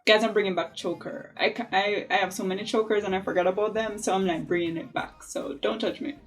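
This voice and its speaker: A woman's voice: medium pitch, fast, faint music behind. A woman chatting in a casual, opinionated way while doing her makeup for a beauty vlog. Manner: chatty, opinionated, lively asides. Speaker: beauty vlogger. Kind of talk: casual makeup tutorial chat.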